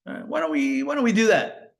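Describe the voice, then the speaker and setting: A man's voice: very high voice, animated, brisk, creaky, pitched above the performer's own voice, full character voice. A man voicing the inner evil inclination as a wheedling tempter who keeps suggesting one thing after another. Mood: coaxing. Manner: coaxing, keeps pushing new suggestions.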